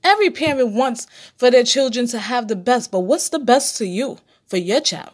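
Solo podcast host, woman, blunt and preachy, swears freely, slightly raised pitch. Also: animated, moderate pace. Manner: blunt, preachy, profane, talks straight to listeners. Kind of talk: casual solo podcast monologue.

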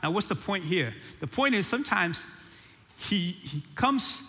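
High, bright-voiced preacher man in a hall. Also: measured pace, faint music behind. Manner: animated preaching with call-and-response. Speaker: pastor. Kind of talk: sermon.

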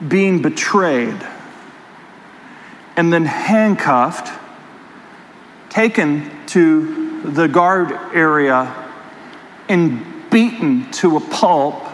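A pastor delivering a sermon with an animated personal story, talking straight to his congregation. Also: on the high side, very slow, pauses often, long reverb tail, a little hiss or hum, rough recording.

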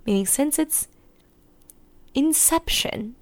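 A woman hosts her own unscripted solo podcast, rambling candidly, correcting herself as she goes, and swearing casually. Her voice sits high and sounds animated, though she speaks slowly.

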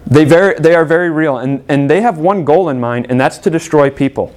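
A man's voice: fairly high pitch, a little fast, darkish tone. A man preaching a sermon earnestly, stressing points with rhetorical questions. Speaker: pastor.

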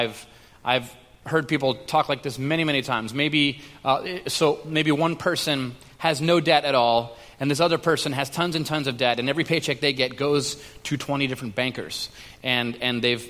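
A man preaching a sermon in a conversational, halting way, with frequent restarts and fillers. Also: medium pitch, a bit bright, long reverb tail. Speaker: pastor.

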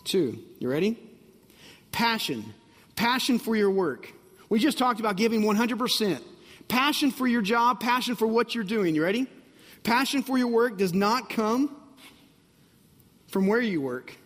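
A man's voice: high voice, lively intonation, measured pace, long pauses, fairly bright tone, big-room sound. A man preaching a sermon, emphatic and repetitive, often asking the congregation if they are ready. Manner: emphatic, repeats phrases, asks the audience if they're ready. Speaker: pastor.

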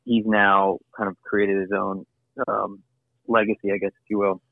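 A man being interviewed about his work as an actor and producer, talking in a loose, animated way with frequent laughs and restarts. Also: on the low side, moderate pace, vocal fry, dry recording. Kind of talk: casual interview conversation. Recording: phone-like remote line.

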